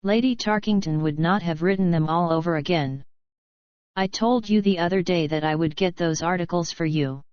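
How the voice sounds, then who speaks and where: A woman's voice: fairly low pitch, darkish tone, clean tone, dry recording, lightly acted. A woman reading an audiobook, voicing a smug, scheming foreign general with a complacent, mocking manner. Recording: dry, dull lo-fi recording.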